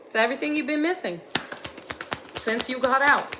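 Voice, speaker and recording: A woman's voice: a little high, a little fast, bright, forceful tone, a little hiss or hum. A young woman giving an earnest, intense channeled spiritual reading to her viewers. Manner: earnest, intense, gets emotional. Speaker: spiritual reader.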